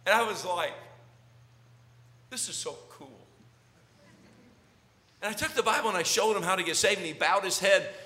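A middle-aged man preaching a sermon, telling a story and swinging from loud calls to hushed words. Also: high voice, moderate pace, pauses often. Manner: animated, swings from shouting to near whisper. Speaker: pastor. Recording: long hall reverb.

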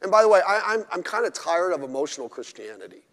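A man's voice: sits high, big pitch swings, fast, fairly bright tone. A male pastor preaching a sermon at a midweek service, blunt and emphatic with mocking asides. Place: church during a midweek service. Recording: echoey church hall.

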